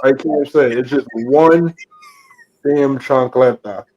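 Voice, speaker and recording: A man co-hosting a casual podcast, throwing in quick teasing asides. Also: mid-range voice, lo-fi sound, a crowd in the background. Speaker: podcast co-host. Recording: noisy podcast mic.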